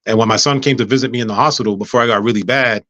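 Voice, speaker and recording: Male guest, storyteller, bright forceful voice, funny, dry and dull lo-fi recording. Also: medium pitch, racing, no echo. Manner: humorous, animated storyteller, acts out dialogue. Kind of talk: casual storytelling interview. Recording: dull lo-fi sound.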